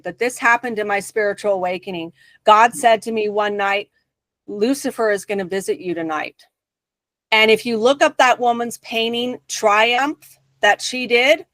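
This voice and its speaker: A woman with a fairly high voice tells her spiritual awakening story in an interview, earnest and emphatic. Her voice sits close and dry, with no room around it. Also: a bit bright, no room sound. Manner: earnest, emphatic personal testimony. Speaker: guest.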